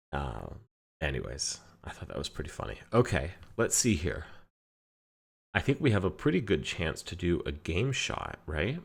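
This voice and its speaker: Man, very deep voice, gravelly, casual gameplay commentary, laid-back storytelling. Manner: relaxed storytelling, lists plays step by step. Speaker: card game player and channel host.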